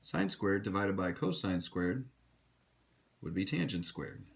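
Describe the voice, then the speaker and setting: Speaking unhurriedly in a low, gravelly voice with lively intonation, a man delivers a recorded math lesson. His manner is direct and instructive as he addresses his students as "you guys."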